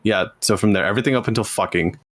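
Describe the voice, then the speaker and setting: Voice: sits low, quick pace, no room sound. A young podcast host chatting casually and animatedly, laughing often. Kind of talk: casual chat.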